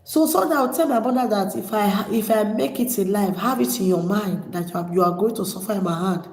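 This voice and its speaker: A Nigerian woman vlogger telling her personal story, emotional and halting, holding back tears. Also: mid-range voice, darkish tone. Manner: emotional, halting, many restarts. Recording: echoey hall with long reverb.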